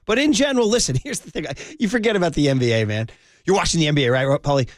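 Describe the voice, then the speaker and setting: A man's voice: on the high side, lively intonation, very fast, no room sound, clean studio sound. A man hosting a sports talk radio show, chatting casually and animatedly with his co-host and laughing often. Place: radio studio.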